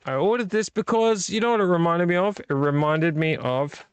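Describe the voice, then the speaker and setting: A man's voice: sits high, moderate pace, clean tone. A man hosting a late-night live video stream, rambling and teasing a viewer by name while a little tipsy from drinking. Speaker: vlog host.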